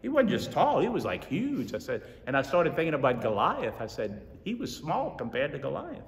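Brief: pastor, slightly high voice, lively storytelling sermon, miked from a distance. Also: male voice, moderate pace. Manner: animated storytelling, repeating lines for emphasis. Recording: echoey hall from far off.

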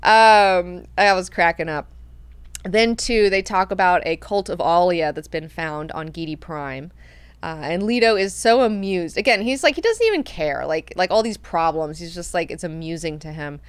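A woman hosting an online book club, recapping chapters in an animated, enthusiastic way and swearing freely. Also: on the low side, moderate pace, smooth, no echo. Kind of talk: casual book discussion.

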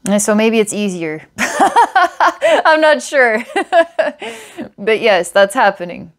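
A woman's voice: fairly high pitch, sing-song, slow. A woman psychic giving a client a past-life reading, meandering with filler words and small laughs. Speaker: psychic reader.

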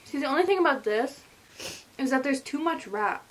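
A woman's voice: sits high, animated, moderate pace. A young woman, a guest friend, chatting casually and giggling while she eats. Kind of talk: casual chat while eating.

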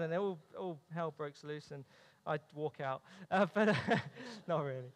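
High-voiced pastor, echoing church. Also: male voice, a little slow. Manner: earnest, with humorous family stories. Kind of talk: sermon. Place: church sanctuary. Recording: long reverb of a church hall.

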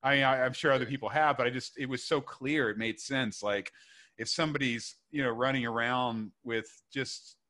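Guest author, man, bright tense voice, earnest and rambling. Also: mid-range voice, moderate pace. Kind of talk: casual podcast conversation.

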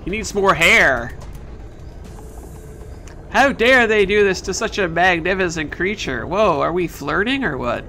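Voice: mid-range voice, lively intonation, measured pace, pauses often, sharp tone, slight background noise. A gamer playfully commenting on a puzzle game while playing, chatting to the characters on screen. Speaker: let's play gamer. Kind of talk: casual gameplay commentary. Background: faint game music.

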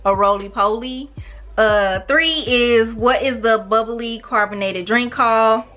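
A woman in her thirties with a St. Louis accent, chatting casually to camera in a relaxed, slangy way. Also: a little high, unhurried, faint music behind. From St. Louis, USA. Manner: relaxed, slangy, animated with laughs. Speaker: YouTuber. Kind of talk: casual vlog, talking to camera.

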